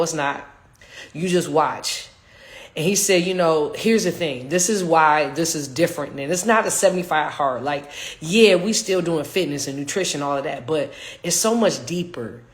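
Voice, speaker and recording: Adult coach, casual live vlog, earnest, heartfelt, rambling, slangy, many restarts. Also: mid-range voice. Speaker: fitness and life coach.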